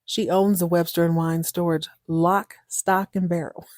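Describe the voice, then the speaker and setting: A woman's voice: on the low side, measured pace, no room sound, studio quality. A woman hosting a podcast, casually recapping a soap opera episode with slang and frequent laughter. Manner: animated, slangy, laughs often. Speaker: podcast host.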